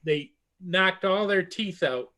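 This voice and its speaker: Folksy older man with a high voice. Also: takes it slowly, pushed and bright. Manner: folksy, tells old-days anecdotes. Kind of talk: casual chat, anecdote.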